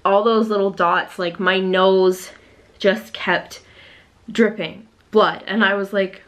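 A woman's voice: medium pitch, expressive, measured pace, fairly bright tone. A young adult woman talking frankly to camera in a casual vlog, open and unfiltered, with the odd swear word. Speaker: vlogger preparing for a physique competition. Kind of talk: candid casual vlog talk.

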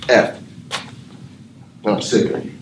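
A man playing a teacher in a comedy sketch, roasting his students in a loud, mocking way. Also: takes it slowly, far from the mic. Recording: echoey room with background noise.

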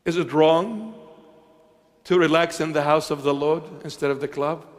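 A man preaching a sermon as a bishop, slow and emphatic, asking rhetorical questions and swinging between hushed lines and loud ones. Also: on the high side, big-room sound.

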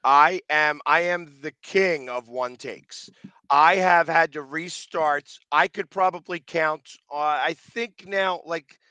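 A man who makes sports-fan videos, talking in a casual interview with a loud, passionate manner and a slightly raspy, deepened voice. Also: dry recording. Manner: loud, passionate, quick restarts.

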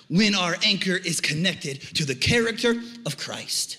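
Middle-aged male pastor, high and sharp tone, lively folksy sermon delivery. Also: a little slow. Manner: animated preaching, builds to shouting; folksy asides and humor.

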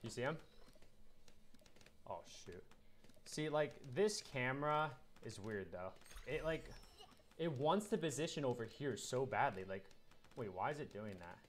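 A man's voice: mid-range voice, expressive, unhurried, pauses often, slight background noise. A young man at home chatting casually and rambling while streaming a video game. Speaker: gaming streamer. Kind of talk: casual livestream commentary.

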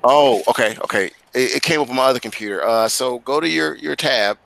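A man's voice: medium pitch, fairly quick, creaky, fairly bright tone, dry recording. A male teacher guiding students through an online class on a video call, talking casually but directly and firmly.

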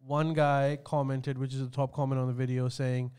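A man's voice: mid-range voice, flat delivery, normal speed, darkish tone, clean tone. A man co-hosting a podcast, steering the casual chat to the next topic with hesitant fillers. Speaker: podcast co-host.

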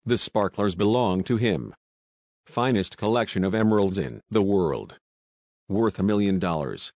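A man's voice: on the low side, measured pace, vocal fry, a little mellow, no echo. A man voicing a bold, playful young woman sleuth who talks in a breezy, conspiratorial way and puts on American slang. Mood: sly, breezy.

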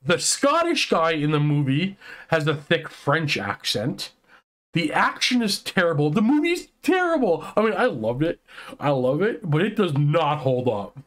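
A man co-hosting a casual online chat, ranting excitedly with many restarts and quick turns. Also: on the high side. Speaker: podcast co-host.

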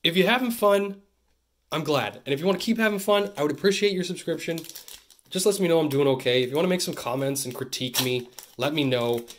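A young man from Canada hosting a card-opening video, chatting to camera in an excitable, jokey way that swings between loud bursts and muttered asides. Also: on the high side, quick pace. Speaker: card-opening channel host. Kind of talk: casual pack-opening chat to camera.

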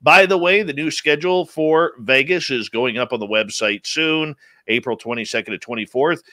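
A man's voice: normal speed, no echo. A man hosting a radio talk show, upbeat and jokey, with big swings in his delivery. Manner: energetic, jokey announcer delivery with big pitch jumps.

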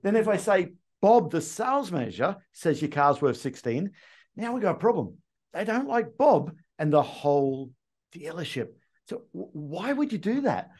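A man's voice: sits high, very animated, normal speed, a little mellow. A man hosting a casual conversation, asking pointed questions and making emphatic points. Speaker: host.

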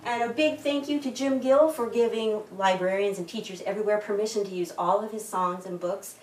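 A woman librarian reading a story to children in a lively sing-song way. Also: medium pitch, fairly quick, a little hiss or hum. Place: library room. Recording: echoey room, mic at a distance.

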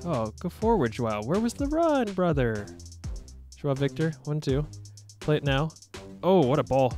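Excitable young man commenting on gameplay. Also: a little high, unhurried, soft background music. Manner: playful, self-mocking, excitable bursts while playing. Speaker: gaming YouTuber.

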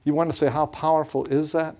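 A man preaching and telling a personal story in a lively way, often repeating words and acting out what others said. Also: a little high, fairly quick. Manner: animated, repeats words, acts out quotes. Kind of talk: storytelling sermon.

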